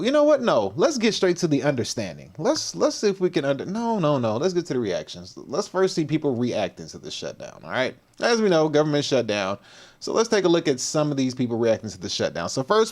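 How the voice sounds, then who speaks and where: A man's voice: medium pitch, very animated, normal speed, darkish tone. A man hosting a casual livestream, talking loosely in slang and reacting to clips and comments as he goes. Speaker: livestream host.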